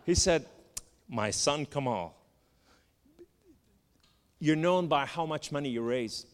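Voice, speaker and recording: A man from the Middle East giving a spoken testimony, telling his story with animated, emphatic lists. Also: fairly high pitch, slow pace. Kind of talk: testimony sermon. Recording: long hall reverb.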